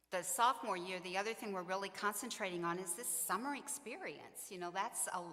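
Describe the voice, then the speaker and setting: Speaking to parents, a woman on the program staff gives an earnest, informational talk about a student program, sometimes acting out what students and parents say. Her voice is fairly low, pushed and bright, with a big-room sound.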